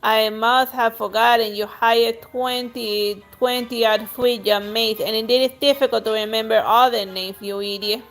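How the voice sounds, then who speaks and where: A woman's voice: fairly high pitch, steady tone, moderate pace, few pauses, soft background music, lightly acted. A woman reading as a dismissive blustering count. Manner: dismissive, scolding. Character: blustering aristocratic husband, a count. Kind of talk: reading game dialogue aloud.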